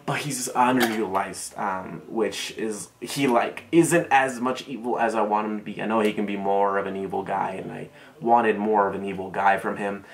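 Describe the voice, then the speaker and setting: A man's voice: on the low side, fairly even intonation, normal speed, vocal fry, hardly any pauses. Rambling young man reviewing a movie. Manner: rambling, hesitant, many fillers and restarts. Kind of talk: casual video review.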